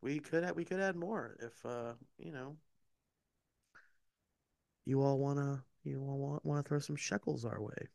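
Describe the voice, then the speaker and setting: A man's voice: mid-range voice, unhurried, vocal fry, pauses often, a little mellow, dry recording. A man with a middling voice chats loosely on a podcast, wandering through stories and trailing off mid-thought. The sound is close and dry. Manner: rambling, anecdotal, trails off. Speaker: podcast co-host. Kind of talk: casual chat.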